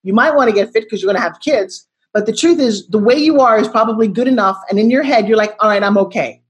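A motivational coach in her sixties speaks bluntly and forcefully in an interview, pressing her guest with question after question. Her voice is mid-range, and she talks fast.

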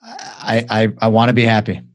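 A man with a lowish voice answers interview questions in short, hesitant bits. He trails off and restarts as he searches for what to say. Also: flat delivery, normal speed. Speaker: interview guest.

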